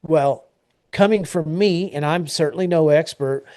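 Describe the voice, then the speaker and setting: Plainspoken American man, slightly high voice. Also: unhurried, darkish tone, no echo, studio quality. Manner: plainspoken, rambling with frequent fillers and restarts. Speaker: co-host of an agriculture news show. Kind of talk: casual news discussion.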